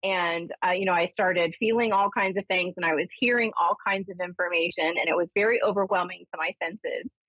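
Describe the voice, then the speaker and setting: A woman's voice: fairly low pitch, brisk, hardly any pauses, dry recording. Chatty woman radio medium. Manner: animated, acts out voices when retelling. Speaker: medium and show host. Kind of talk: casual on-air storytelling and readings. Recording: slightly dull lo-fi radio sound.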